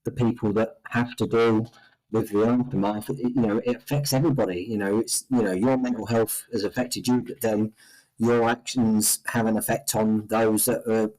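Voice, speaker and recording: A man's voice: fairly low pitch, flat delivery, moderate pace, mellow, low-quality recording. Rambling middle-aged London man. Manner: rambling, heavy on "you know" fillers. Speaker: podcast co-host. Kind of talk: casual chat.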